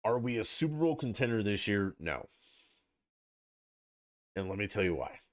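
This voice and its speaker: Male podcast host, lowish voice, swings a lot in pitch, dry close sound, profane and sarcastic. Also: big pitch swings, moderate pace, no room sound. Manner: profane and combative, heavy swearing; sarcastic, mocks opponents with put-on voices. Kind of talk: casual political rant.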